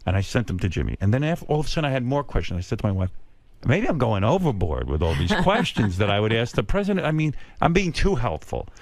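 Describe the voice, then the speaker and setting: A man's voice: medium pitch, sing-song, quick pace, no echo. A man hosting a radio interview, teasing his guest with probing questions and self-mocking asides. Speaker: radio show host. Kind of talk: interview banter.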